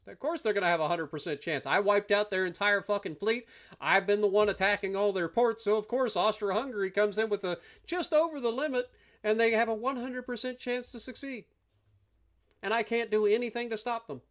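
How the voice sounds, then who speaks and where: A man's voice: high voice, brisk, a bit bright. A man streaming a strategy game live, ranting and swearing at his opponents as he plays. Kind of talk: live gameplay commentary.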